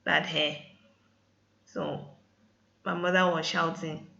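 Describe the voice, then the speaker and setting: A woman's voice: low-pitched, level tone, takes it slowly, vocal fry, bright, forceful tone, lo-fi sound. A woman with talking casually over her hair-care vlog, often addressing viewers as "guys". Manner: chatty, keeps saying "guys". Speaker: hair vlogger.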